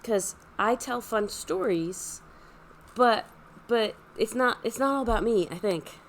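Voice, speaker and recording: A middle-aged woman, hosting a casual chat while hoarse from a cold, with a husky, deep voice and a chatty, self-deprecating manner. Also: measured pace, slight background noise. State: hoarse, losing her voice from a cold. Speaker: podcast host, yarn shop owner.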